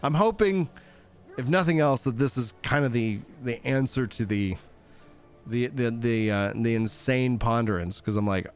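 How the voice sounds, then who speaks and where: A man's voice: medium pitch, normal speed, clean tone, faint music behind. Casting: middle-aged male streamer, rambling, self-deprecating, easy laugh, mid-range voice. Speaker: streamer and podcast host. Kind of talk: casual chat.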